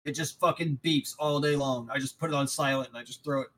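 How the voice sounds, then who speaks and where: A man, co-hosting a podcast, telling profane stories fast and with many restarts. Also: medium pitch, fairly even intonation, a bit bright, poor audio. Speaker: podcast co-host. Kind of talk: casual chat.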